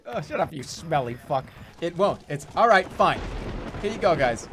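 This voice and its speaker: Excitable high-pitched swearing streamer man. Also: moderate pace, a little hiss or hum. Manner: excitable, swearing, laughing often. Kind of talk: live gaming commentary.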